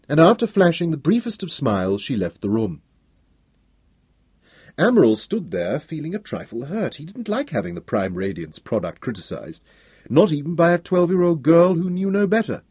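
A man reading a novel aloud as narrator, measured and expressive. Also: mid-range voice, breathy edge, no echo, studio quality. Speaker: audiobook narrator. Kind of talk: scripted narration.

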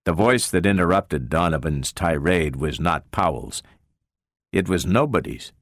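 A man narrating an audiobook with an expressive, varied storytelling delivery. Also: deep voice, measured pace, no room sound, clean studio sound.

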